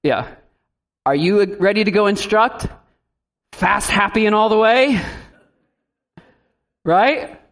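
A man preaching a sermon as a pastor, in a lively style with animated asides. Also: sits high, slow pace, long pauses.

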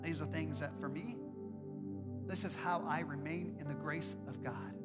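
High-voiced male pastor in a reverberant hall. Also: normal speed. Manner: conversational storytelling with self-deprecating humor. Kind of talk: sermon. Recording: long reverb with faint music behind.

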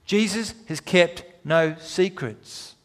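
Male preacher, dramatic emphatic delivery, slightly high voice, big reverberant hall. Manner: dramatic retelling with emphatic pauses. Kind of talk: sermon.

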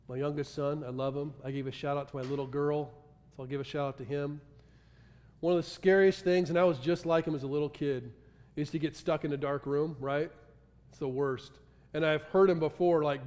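Pastor, male, high-pitched for a man, impassioned sermon delivery, long hall reverb. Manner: impassioned, swinging from loud urgency to hushed intensity.

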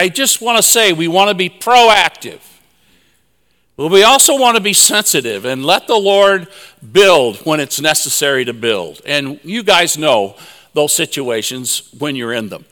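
Folksy male preacher, high bright voice, warm anecdotes, hall echo. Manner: folksy, chuckling storyteller. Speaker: conference speaker. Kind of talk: sermon with personal anecdotes.

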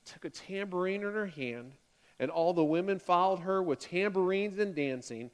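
A high-pitched male pastor preaches to his church in a lively, playful way, acting out the grumbling Israelites in quick, excited bursts.

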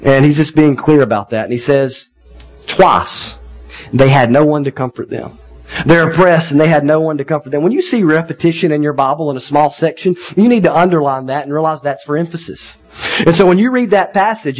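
A man's voice: high voice, poor audio. A man in his thirties, a pastor preaching a sermon in a conversational, folksy way, often checking in with his listeners.

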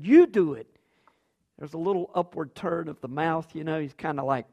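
A man's voice: fairly high pitch, moderate pace, mellow. A man preaching a sermon as pastor, acting out quoted lines with big jumps in his voice.

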